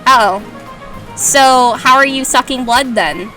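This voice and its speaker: A woman's voice: sits high, slow pace, sharp tone, faint music behind. Giggly, sarcastic Irish woman. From Ireland. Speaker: host. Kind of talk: casual commentary while reading fanfiction aloud.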